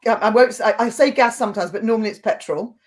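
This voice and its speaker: A woman's voice: on the high side, fast. A woman from Britain with a British accent, a giggly guest telling stories in a casual chat. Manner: giggly, storytelling.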